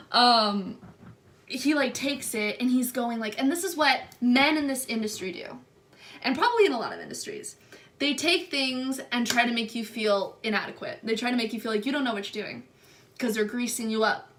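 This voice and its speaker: A young woman vlogger telling a story to camera, acting out the people in it with animated delivery. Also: on the high side, moderate pace. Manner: animated retelling, acts out quotes. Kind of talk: storytime vlog.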